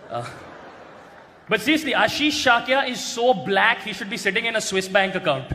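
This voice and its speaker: A man doing a stand-up roast on stage, mocking his targets with crude punchlines and often shouting them. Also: sits high, expressive, moderate pace. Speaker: roast comedian. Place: large hall with a live audience. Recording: echoey hall recording with crowd noise.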